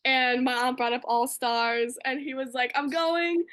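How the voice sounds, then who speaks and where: A woman's voice: high voice, a little slow, fairly bright tone. A young woman co-hosting a podcast, telling a story casually and gushing, with lots of fillers. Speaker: podcast co-host.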